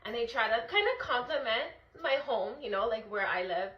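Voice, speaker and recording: A woman's voice: on the high side, lively intonation, normal speed. A woman from Hawaii chatting casually and amused, recorded from a distance in a dull, echoey room. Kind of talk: casual chat.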